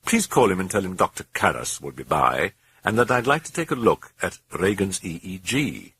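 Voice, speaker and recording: A man voicing an earnest, troubled priest who speaks in a measured way. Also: low-pitched, big pitch swings, fairly bright tone, slight background noise, exaggerated voice.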